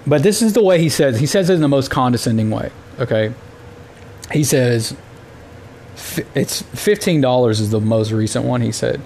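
A man's voice: medium pitch, animated, moderate pace, gravelly, a little mellow, slight background noise. A man from the United States hosting a casual solo podcast, telling rambling, exasperated stories with plenty of filler words. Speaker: podcast host.

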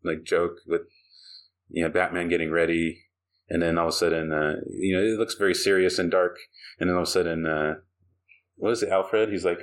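A man's voice: low voice, fairly even intonation, a little fast. A man hosting a podcast in casual chat, rambling and laughing often. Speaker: podcast host.

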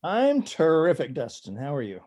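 A man's voice: on the high side, huge pitch swings, normal speed, mellow. A man appearing as an author guest on a podcast, telling anecdotes at an easy pace. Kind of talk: podcast interview.

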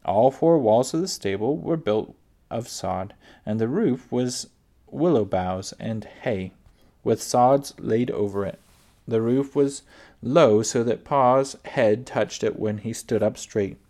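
A man's voice: mid-range voice, warm tone. Man reading a children's book aloud. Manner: unhurried with small slips and restarts. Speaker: reader.

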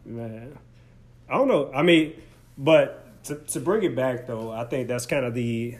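A man from Arkansas co-hosting a podcast in casual chat, talking in a laid-back, measured way that often trails off. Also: mid-range voice. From Forest City, Arkansas. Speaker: podcast co-host. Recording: faint background noise.

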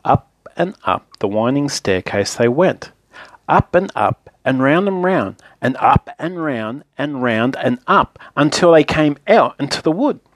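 A man reading a children's story aloud in a playful, lively, repetitive way. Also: mid-range voice, unhurried, no room sound.

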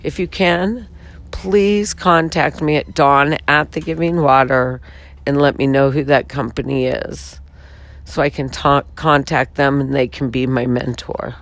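A woman with a raspy, hoarse voice pleads earnestly for support, taking her time over each phrase. She sounds heartfelt and frustrated rather than polished. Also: extremely low pitch, steady tone, unhurried. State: hoarse from talking all weekend. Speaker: founder pitching her water advertising venture. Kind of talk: earnest direct-to-camera pitch.

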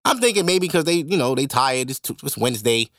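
A young man hosting a podcast, telling a personal story in a casual, animated and profane way. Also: medium pitch, fairly quick, no echo, studio quality. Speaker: podcast host.

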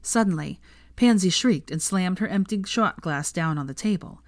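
Lady reading fanfic out loud, lowish voice, dry close sound. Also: moderate pace, no echo. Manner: expressive reading with asides to the listener. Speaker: fan fiction reader. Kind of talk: reading a story aloud.

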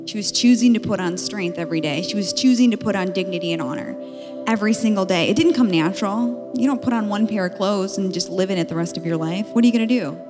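A woman's voice: medium pitch, fast. Chatty woman teaching on a hall stage. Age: 30s. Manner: chatty and playful, with lots of "like" and laughter. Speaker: podcast co-host speaking at a marriage conference. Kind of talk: conference talk, teaching from scripture. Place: conference stage in a large hall. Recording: live hall recording with reverb and music under it.

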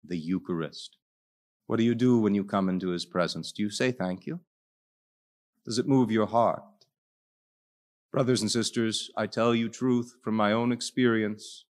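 A male Catholic priest giving a sermon, telling a story dramatically and swinging between hushed lines and loud ones. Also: fairly low pitch, steady tone, normal speed, pauses often.

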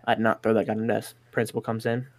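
A man's voice: lowish voice, monotone, fast. A young man telling a rambling, profane story in casual chat.

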